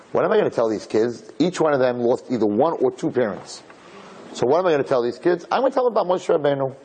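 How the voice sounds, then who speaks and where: A rabbi delivers an inspirational talk to an audience, telling his story with animated, acted-out dialogue. His voice is husky and sits at an ordinary male pitch, and he sprinkles in Hebrew and Yiddish terms. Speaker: rabbi and speaker.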